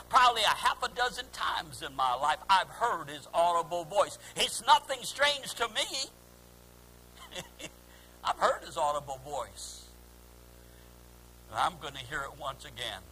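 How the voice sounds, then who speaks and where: A man preaching a fervent sermon as pastor, swinging between quiet, drawn-out lines and shouted calls. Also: fairly high pitch, animated, slightly rough, rough recording.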